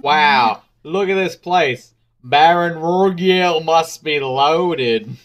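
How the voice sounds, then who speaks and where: A man voicing a brash male sparrow sidekick in a put-on Southern accent, talking loud and blunt. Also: a little high, extremely slow, soft background music, pitched above the performer's own voice.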